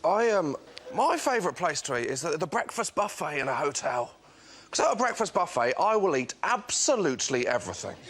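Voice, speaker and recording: A man doing a stand-up routine in an excitable way, gleefully listing absurd excess. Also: fairly high pitch, a little fast. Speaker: stand-up comedian. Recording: live studio with noise.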